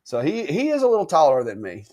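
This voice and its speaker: A man's voice: fairly high pitch, huge pitch swings, quick pace, warm tone, lo-fi sound. A man from Alabama with a Southern accent, co-hosting a casual live stream and telling stories in a chatty, drawling way. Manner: chatty storyteller, drawling, says y'all. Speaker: co-host.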